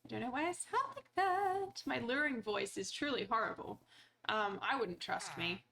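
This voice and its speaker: A woman's voice: a little high, animated, moderate pace, gravelly, pushed and bright, a little hiss or hum. A woman streamer chatting playfully through her gameplay, talking to the characters on screen and swearing casually.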